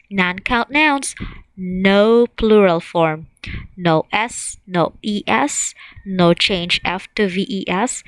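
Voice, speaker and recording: A woman teaching an English grammar lesson, speaking slowly and repeating key words for learners to say along with her. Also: medium pitch, a bit bright, no room sound, rough recording. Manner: slow, drilling and repeating words, asks students to repeat.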